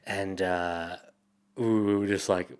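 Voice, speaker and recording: A man's voice: deep voice, takes it slowly, clean tone. Profane man telling tales. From Australia. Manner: profane, laughing, animated retelling. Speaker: guest comedian. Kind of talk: casual storytelling.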